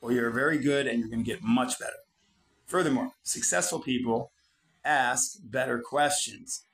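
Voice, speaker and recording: A man's voice: mid-range voice, moderate pace, fairly bright tone, low-quality recording. A man delivering a blunt motivational monologue, swearing constantly and preaching at the listener like a self-styled prophet. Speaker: channel host.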